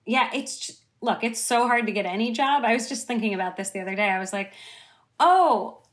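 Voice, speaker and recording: A woman's voice: on the high side, quick pace, fairly bright tone. A woman actress being interviewed, chatty and self-deprecating, often breaking into laughter. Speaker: actress guest. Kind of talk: conversational interview.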